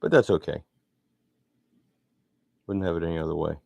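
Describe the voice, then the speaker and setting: A man's voice: low voice, moderate pace, gravelly, mellow, dry recording. A middle-aged man chatting casually and rambling as he narrates his sculpting work. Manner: rambling, chatty, self-deprecating. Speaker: sculptor vlogger.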